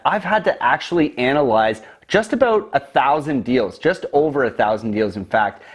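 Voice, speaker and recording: A man, confidently explaining real estate investing straight to camera in an emphatic, persuasive way. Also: medium pitch. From Canada. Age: 20s.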